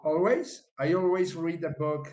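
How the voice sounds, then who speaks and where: A man's voice: fairly high pitch, unhurried, a little mellow, reverberant. Hesitant male student reading aloud. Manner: hesitant, reads examples aloud.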